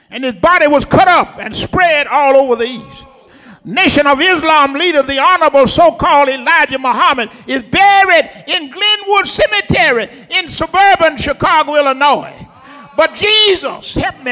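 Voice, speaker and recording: Casting: high-pitched male pastor, bright and forceful, impassioned preaching in a reverberant church. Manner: impassioned, shouting preacher cadence. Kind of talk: Easter sermon.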